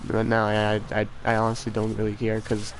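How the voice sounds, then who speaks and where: A man's voice: lowish voice, completely flat delivery, brisk, a little hiss or hum, rough recording. A teenage boy chatting casually on a game stream, rambling and self-deprecating, often trailing off and restarting. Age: teens. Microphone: desk mic for streaming.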